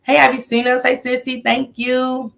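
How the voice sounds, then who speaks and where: A woman's voice: high voice, monotone, moderate pace, gravelly, a bit bright. A woman hosting a casual livestream, greeting viewers by name and rambling loosely between comments. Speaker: livestream host.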